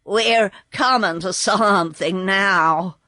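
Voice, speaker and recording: A woman's voice: medium pitch, takes it slowly, pushed and bright, no echo, clean studio sound. A woman doing a grumbling old cab horse. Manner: gloomy, growling.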